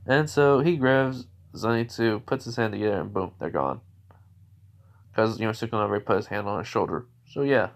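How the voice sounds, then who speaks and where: A man's voice: on the low side, a little fast. Rambling man telling a fan story. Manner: rambling, self-correcting. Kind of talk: improvised fan story narration.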